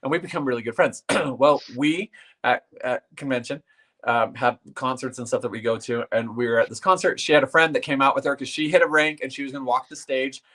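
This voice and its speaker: A man's voice: medium pitch, fairly quick, fairly bright tone. A man as a guest, telling a personal story in an earnest, emotional way, often repeating words.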